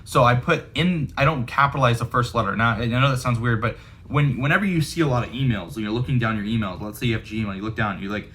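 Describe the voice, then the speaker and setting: A man's voice: medium pitch, fast, a bit bright, slight background noise. A man and real estate investor coaching viewers in a casual, chatty way, with lots of fillers. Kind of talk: casual instructional talk to camera.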